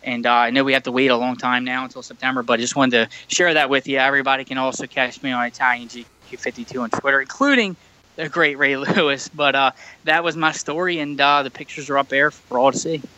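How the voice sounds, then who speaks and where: A man's voice: medium pitch, steady tone, fast, pushed and bright, smooth, low-quality recording. A man, co-hosting a podcast and telling a rambling story full of fillers, recorded over a remote call. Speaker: podcast co-host. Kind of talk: casual chat. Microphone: remote call mic.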